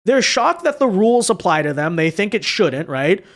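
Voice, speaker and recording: A man's voice: sits high, sing-song, normal speed, fairly bright tone. A man hosting a political commentary monologue, sarcastic and mocking, tagging his points with rhetorical questions and sounding weary. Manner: sarcastic, mocking, tags lines with "right?".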